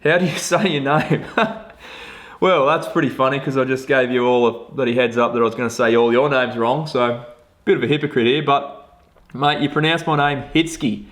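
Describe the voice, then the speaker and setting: A young Australian man answering viewer questions about fishing in a relaxed, joking, self-deprecating chat full of slang. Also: mid-range voice, normal speed. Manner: laid-back, matey slang, self-deprecating. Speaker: fishing vlogger. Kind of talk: casual Q&A chat.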